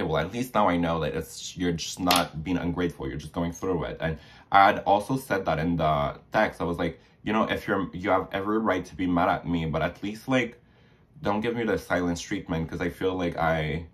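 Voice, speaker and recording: Doing his makeup on camera, a young man with a low voice chats away dramatically, performing each line of quoted dialogue as he recounts a story.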